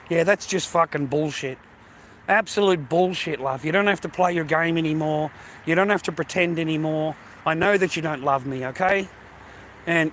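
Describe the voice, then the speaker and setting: A man's voice: a little high, fairly even intonation, normal speed, a bit bright, slight background noise. An Australian man ranting about his grievances, swearing heavily and repeating himself. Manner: aggrieved, heavy swearing, repetitive. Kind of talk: angry personal rant.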